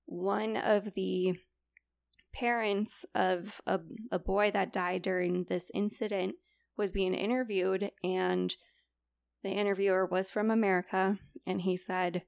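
A woman's voice: medium pitch, flat delivery, measured pace, creaky, dry recording, studio quality. A young woman co-hosting a podcast, chatting casually and retelling stories with quoted dialogue and lots of "like" fillers. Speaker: podcast co-host presenting a report. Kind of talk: casual chat.

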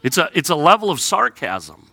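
A male pastor preaching a sermon, animated and acting out the people in the stories with sarcasm, then dropping low and quiet to read scripture. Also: normal speed, vocal fry, no room sound. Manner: animated, acts out biblical characters with sarcasm.

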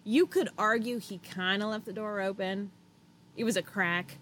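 A woman's voice: mid-range voice, fairly even intonation, moderate pace, a bit bright, slight background noise. A woman co-hosting a casual podcast chat, talking freely, swearing and acting out what others said. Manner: chatty, swears, acts out drivers' lines. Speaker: podcast co-host. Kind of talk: casual chat about motor racing.

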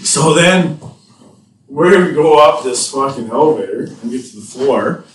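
A man telling a rambling story to friends in casual podcast chat, swearing freely and getting loud at the punchlines. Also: mid-range voice, animated, normal speed, recorded from a distance, slight background noise. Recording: echoey room, off-mic, faint ambience.

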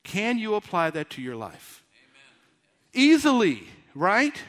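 A man preaching a lively sermon, with announcer-style bursts and quiet asides. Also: high voice, slow. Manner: drops to quiet, intimate tones. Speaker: pastor.

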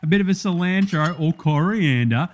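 A man's voice: fairly high pitch, lively intonation, moderate pace, natural voice. A man playing a brash, blokey Australian cooking-show host in a comedy sketch, matey and full of slang. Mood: jolly, blokey. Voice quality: loud, matey, slangy, laughing at himself.

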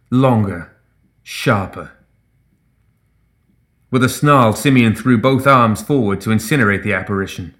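Deep-voiced man narrating a fantasy story. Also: a bit bright. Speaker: audiobook narrator. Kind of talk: scripted narration.

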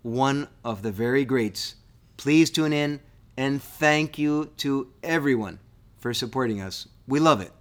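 Excited guy co-hosting a history podcast, chatty and upbeat. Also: mid-range voice, unhurried. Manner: enthusiastic, eager. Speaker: podcast co-host. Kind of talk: casual chat.

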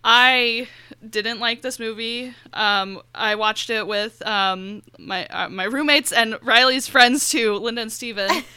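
A woman co-hosting a casual movie podcast, blunt and laughing, quick to swear. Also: fairly high pitch, pushed and bright, clean tone, no room sound. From United States. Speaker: podcast co-host. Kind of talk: casual chat.

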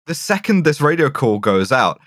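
A man's voice: mid-range voice, very animated, moderate pace, a bit bright, no room sound. A man in a casual podcast chat, recapping a film's plot and acting out its quotes. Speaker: podcast co-host. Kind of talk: casual film discussion.

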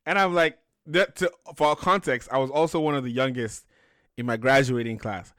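A man's voice: mid-range voice, moderate pace, fairly bright tone, no echo, clean studio sound. A young man from Nigeria, co-hosting a casual chat, joking and emphatic. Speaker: podcast co-host.

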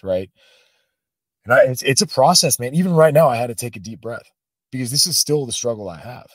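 A man guest on a podcast telling a story in a casual way. His voice jumps from loud bursts to quiet asides. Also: medium pitch, lively intonation, a little fast, dry recording.

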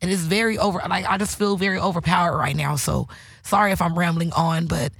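A woman's voice: on the low side, fairly even intonation, a little fast, creaky, husky, no room sound, clean studio sound. A woman hosting her own podcast, talking candidly and emotionally, swearing often. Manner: emotional, preachy, heavy swearing. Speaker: host. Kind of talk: candid casual podcast talk.

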